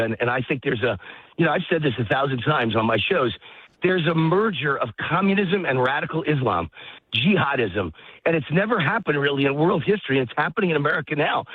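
A high-voiced man on a tinny phone line, husky and short of breath as he walks outdoors. He rants emphatically, hammering points over and over in a dry, close sound. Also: no room sound. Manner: emphatic, heated, repetitive ranting. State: out of breath while walking a dog. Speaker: guest commentator. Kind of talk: phone-in political talk. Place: outdoors in a park.

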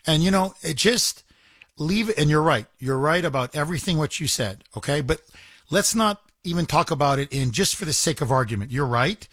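A man hosting a call-in talk radio show, indignant and animated, repeating himself as he rants. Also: on the high side, brisk, dry recording, clean studio sound.

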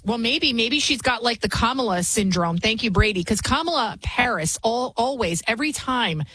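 Fast-talking sarcastic woman hosting talk radio. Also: a little high, lively intonation, bright, forceful tone, breathy edge, low-quality recording. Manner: talks fast, rarely pauses; mocking, sarcastic. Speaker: talk show host. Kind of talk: opinionated talk radio commentary.

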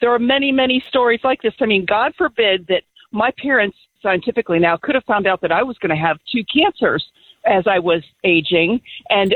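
Firm woman caller on a tinny phone line. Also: mid-range voice. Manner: firm, heartfelt, deliberate. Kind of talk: call-in radio talk.

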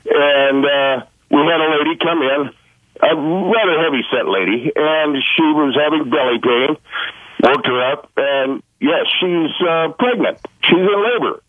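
An older man, a retired nurse, calling in to a radio show and telling a story haltingly with many fillers. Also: fairly high pitch, no room sound. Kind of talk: phone-in story. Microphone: telephone. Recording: tinny phone line.

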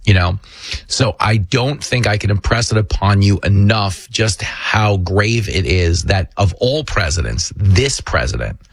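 A man's voice: fairly low pitch, expressive, measured pace, no echo. A man hosting a political commentary show, talking emphatically and sarcastically. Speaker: show host.

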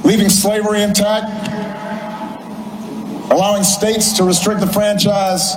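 A man giving a formal public speech, speaking in a measured, deliberate way. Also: high-pitched, level tone. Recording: echoey speech clip with background noise.

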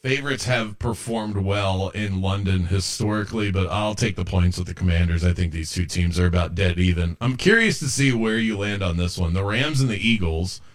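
A man's voice: sits low, moderate pace, few pauses. A man co-hosting a sports betting podcast, giving picks in a confident, analytical, punchy way.

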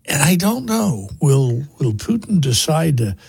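A man in casual talk-show chat about current events, speaking in a halting way and often repeating words. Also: a little high, sing-song, gravelly, darkish tone, slightly rough, no room sound.

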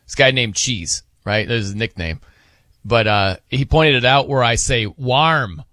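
A man with a medium-pitched voice hosts a sports radio show from a studio, speaking unhurriedly with no echo. His lively on-air banter is casual, full of laughter and anecdotes.

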